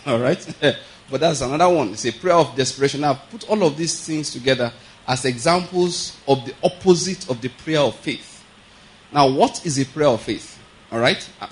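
A man's voice: medium pitch, low-quality recording. Man preaching in a chatty way. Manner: chatty, laughs often, keeps checking listeners follow. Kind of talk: conversational sermon.

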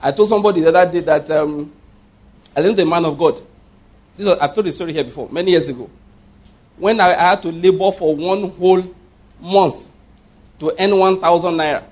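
A man's voice: on the high side, brisk, long pauses, a little mellow. A Nigerian man in his fifties preaching a sermon, emphatic and often asking the congregation whether they follow his point. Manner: emphatic, keeps checking the congregation understands. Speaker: pastor.

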